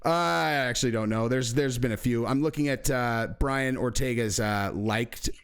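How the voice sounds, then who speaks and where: A man's voice: medium pitch, moderate pace, clear, resonant tone. A man hosting his own channel, talking crudely and casually, swearing and laughing at his own jokes. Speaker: YouTube host.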